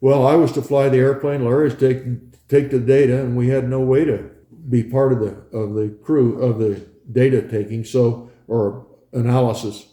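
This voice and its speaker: A man's voice: mid-range voice, steady tone, moderate pace, dark tone. An older man, a former pilot, casually reminiscing about research flights, chatty and chuckling as he acts out scenes. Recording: roomy echo.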